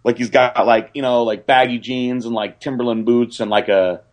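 A man's voice: mid-range voice, normal speed. Rambling young man telling a story. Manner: rambling, many fillers and restarts, excited. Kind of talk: casual storytelling.

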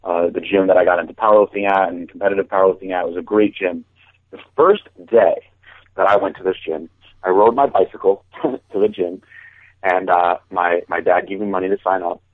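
In a casual podcast chat, a man tells a long, rambling story, often restarting sentences and repeating words as he begins them. His voice is deep, steady and a little fast, and the recording is dry, like phone call audio.

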